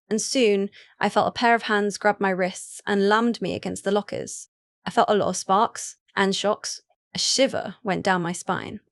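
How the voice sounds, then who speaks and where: A woman's voice: medium pitch, no echo, clean studio sound. A woman narrating a first-person story in a casual, chatty way with asides to the listener.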